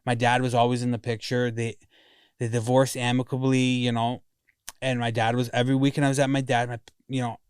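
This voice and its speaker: A man's voice: mid-range voice, flat delivery, brisk, clean tone, no echo, studio quality. A man speaking candidly and emotionally as a podcast guest, swearing freely as he talks about his past. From Greek heritage family. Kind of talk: candid conversation.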